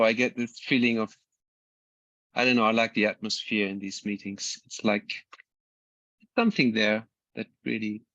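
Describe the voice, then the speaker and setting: Slow, halting man on a video call. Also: mid-range voice, sharp tone, no echo. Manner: hesitant and halting. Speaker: meeting participant. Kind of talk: casual chat. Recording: dry, dull call audio.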